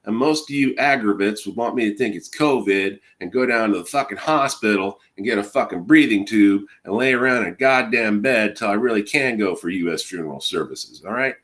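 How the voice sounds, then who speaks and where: A man's voice: on the low side, animated, a little fast, few pauses, fairly bright tone. Angry profane man in his forties ranting. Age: 40s. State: has a cold. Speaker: streamer. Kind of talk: ranting monologue to camera.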